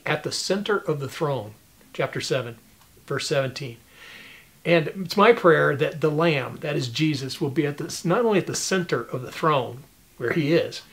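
Man with a slightly high voice, pastoral. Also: fairly bright tone. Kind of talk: sermon.

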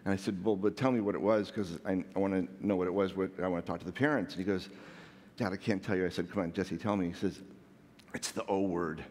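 A man's voice: deep voice, steady tone, quick pace, few pauses, darkish tone, long reverb tail. A man telling funny personal stories on stage, self-deprecating and playful. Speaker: speaker. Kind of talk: storytelling talk on stage. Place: large hall.

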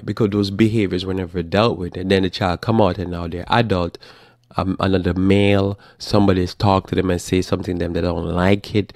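A man giving a live Bible teaching talk, animated, now and then acting out whiny children and doting parents. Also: low voice, vocal fry, no room sound, studio quality. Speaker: preacher.

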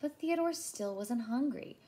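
Lively woman reading a picture book. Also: a little high, a little slow. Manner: animated, expressive storytelling. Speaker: childcare teacher.

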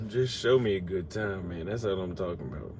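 A man's voice: low voice, lively intonation, normal speed, darkish tone, slight background noise. A drunk man in a casual live-stream rant, profane and ranting, out on a city street at night. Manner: profane, ranting, slurring from drink.

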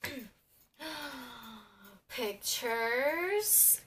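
A young woman, unboxing an album as a vlogger and gushing like an excited fan, with squeals and gasps between chatty asides. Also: medium pitch, measured pace, a little hiss or hum.

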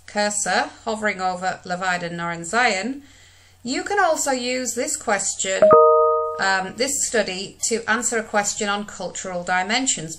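A woman's voice: mid-range voice, creaky, fairly bright tone. A woman, giving a recorded lesson over slides in a conversational manner with frequent fillers. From United Kingdom. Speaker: teacher.

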